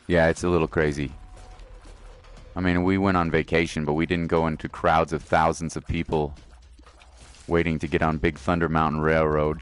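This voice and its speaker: A man's voice: rumbling low, level tone, normal speed, clean tone, soft background music. A man streaming a video game, chatting casually and laid-back with his viewers. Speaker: gaming streamer. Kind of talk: casual live-stream chat.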